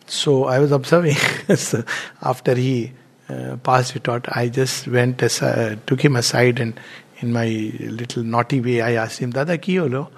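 A man's voice: mid-range voice, little pitch movement, measured pace, creaky. A man giving a spiritual talk, telling anecdotes in a loose, storytelling way with fillers. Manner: anecdotal, warm storytelling with frequent fillers and laughs. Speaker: spiritual teacher.

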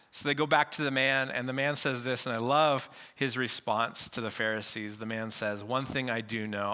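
A man preaching a sermon as a pastor, telling stories in an animated way and acting out the quotes. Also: fairly quick, few pauses, smooth. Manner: animated storytelling, acting out quotes with shifts of pitch.

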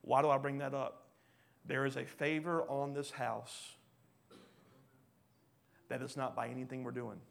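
A pastor preaching a sermon, swinging between loud rising bursts and quiet low drops. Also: male voice, level tone, unhurried, creaky, long pauses. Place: church hall.

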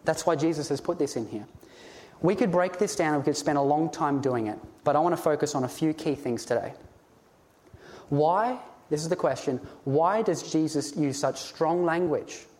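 A man's voice: a little high, moderate pace, darkish tone. A man preaching a sermon in an earnest, pleading way, sometimes stumbling over his words when stirred. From Australia.

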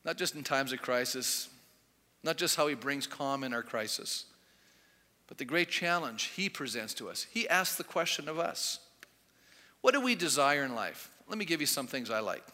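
A man preaching a sermon as pastor, animated and emphatic, rising loud and dropping soft for effect. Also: mid-range voice, moderate pace. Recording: long hall reverb.

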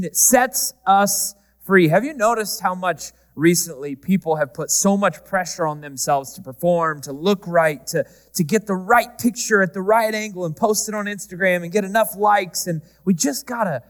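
A man preaching a sermon, talking to the congregation in a conversational, humorous way and shifting often between loud and soft. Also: fairly high pitch. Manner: conversational preaching with humor, varying pace and volume. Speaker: pastor. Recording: reverberant hall.

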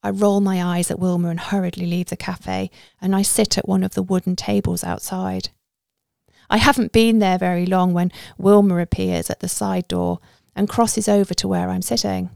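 A woman's voice: lowish voice, flat delivery, normal speed, gravelly, darkish tone, no room sound, studio quality. A woman narrating a story in a conversational first-person way.

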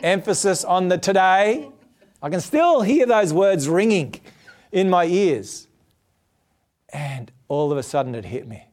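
A middle-aged man preaching a sermon, his voice pitched high for a man. He tells stories with animated jumps in pitch, then settles into a steady preaching tone. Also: a little slow. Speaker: pastor. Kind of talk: sermon with personal story.

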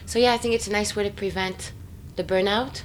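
A woman in a casual, expressive chat, full of fillers and quick laughter. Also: mid-range voice, slight background noise. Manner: chatty and expressive, many fillers, frequent laughter.

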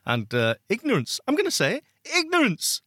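Blunt, sarcastic co-host. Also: male voice, on the high side, animated, normal speed, fairly bright tone, no room sound, studio quality. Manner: blunt, sarcastic short interjections. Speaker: podcast co-host. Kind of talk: casual chat.

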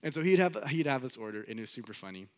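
Conversational male preacher, mid-pitched. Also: big pitch swings, rapid-fire, darkish tone. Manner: conversational, storytelling, with repeated phrases. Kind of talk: sermon.

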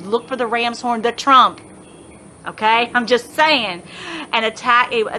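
A woman's voice: a little high, sharp tone, slight background noise. A middle-aged woman teaching a casual Bible study from her rural home, rambling and enthusiastic, with many restarts and laughs.

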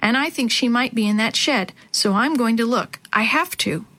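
Woman reading a young girl in a storybook, worried and pushing on, voice pitched up. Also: normal speed, sharp tone. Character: young girl, anxious and determined over her lost cat.

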